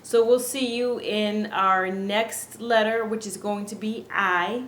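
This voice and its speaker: A woman teaching Spanish pronunciation, speaking slowly and deliberately and repeating each word with care. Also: medium pitch, fairly even intonation, a bit bright, a little hiss or hum. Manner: slow, deliberate, repeats words carefully. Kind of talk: slow instructional lesson. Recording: echoey room, faint ambience.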